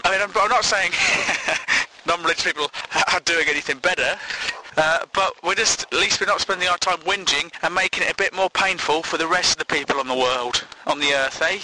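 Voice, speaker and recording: High-voiced sarcastic man ranting. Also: fairly quick, noisy background. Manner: sarcastic, swearing. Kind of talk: comic rant.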